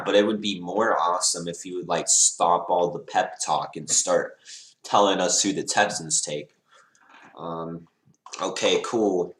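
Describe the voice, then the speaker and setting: A young man giving rambling, excitable live reaction commentary as a fan, laughing and sighing between remarks. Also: low voice, roomy sound.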